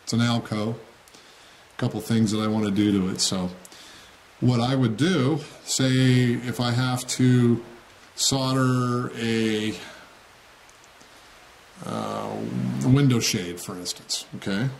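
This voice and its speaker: A man's voice: mid-range voice, unhurried, vocal fry, darkish tone, a little hiss or hum. Plain-spoken man explaining a workshop build. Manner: plain-spoken, frequent "okay?" check-ins. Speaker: model railroad hobbyist demonstrating. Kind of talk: casual how-to tutorial.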